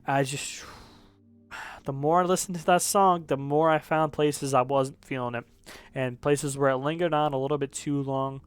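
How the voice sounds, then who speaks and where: A man's voice: medium pitch, fairly even intonation, moderate pace, clean tone. A man reviewing songs in casual commentary, rambling and correcting himself, with the odd swear word. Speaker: music reviewer.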